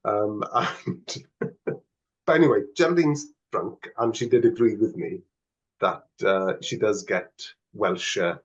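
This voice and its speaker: A man's voice: on the low side, slow pace. A man co-hosting a podcast, chatting casually, laughing often and stumbling over his words. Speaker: podcast co-host. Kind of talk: casual chat. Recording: slightly dull lo-fi audio.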